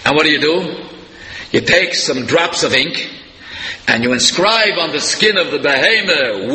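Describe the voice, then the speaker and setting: Animated man lecturing in an echoey hall. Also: a little high, measured pace. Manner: animated storyteller, voice leaping up for emphasis. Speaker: rabbi giving a Torah class. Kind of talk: sermon-style Torah lecture. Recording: echoey hall, faint room noise.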